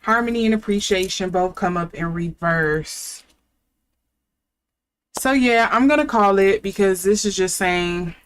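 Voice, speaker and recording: A woman's voice: medium pitch, unhurried, clear, resonant tone. A young adult woman giving a casual tarot reading, thinking aloud with fillers and restarts. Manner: chatty, thinking aloud, with fillers and self-corrections. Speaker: tarot reader.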